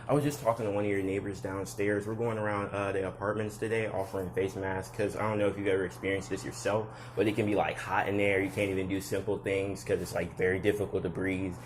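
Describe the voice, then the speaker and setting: A young man vlogging in a friendly, polite, chatty way, with casual slang and sales-pitch patter. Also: little pitch movement, quick pace, hardly any pauses, a little hiss or hum. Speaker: vlogger selling door to door. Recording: loud background music.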